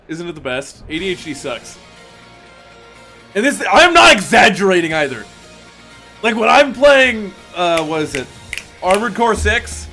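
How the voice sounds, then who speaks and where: A man streaming a game, talking casually and profanely, venting in an animated way with loud mock outbursts. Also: high-pitched. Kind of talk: casual gaming stream commentary.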